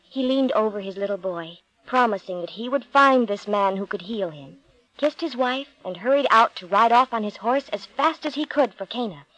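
A woman narrating a Bible storybook in a slow, expressive, deliberate reading. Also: on the high side, no echo, poor audio.

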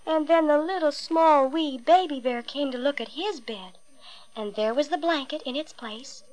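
A woman with a high voice reads a classic fairy tale aloud. Her storytelling is expressive and emphatic, pressing on the key words. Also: low-quality recording.

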